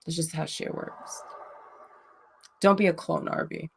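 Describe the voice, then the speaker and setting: Blunt gravelly woman chatting. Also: low voice, fairly even intonation, measured pace, slight background noise. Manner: blunt, profane, roasting a chat troll. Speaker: livestream host. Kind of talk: casual livestream chat.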